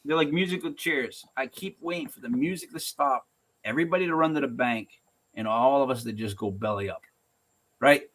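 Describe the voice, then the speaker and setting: A man's voice: medium pitch, fairly quick. A man hosting a podcast, ranting animatedly and acting out the people he quotes. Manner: animated, ranting, acts out quotes in shifting voices. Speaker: podcast host. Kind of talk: casual podcast rant.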